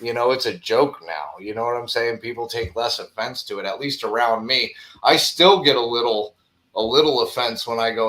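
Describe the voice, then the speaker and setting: A man hosting a loose livestream chat at a mid-range pitch, his voice carrying a roomy echo. He rambles, strings sentences together with filler words and chuckles between thoughts. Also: normal speed, fairly bright tone. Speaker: livestream host.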